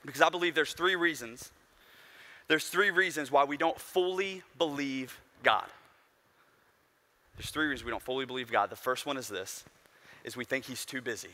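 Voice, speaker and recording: A man's voice: fairly high pitch, sharp tone. A young man preaching a sermon in a casual, storytelling way with conversational asides. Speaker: pastor.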